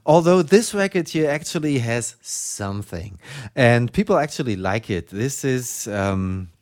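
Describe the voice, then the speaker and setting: A man's voice: mid-range voice, lively intonation, a little slow, a little mellow. A German man with a German accent, hosting a record show in casual chat, rambling with many fillers and self-deprecating asides. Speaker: radio show host.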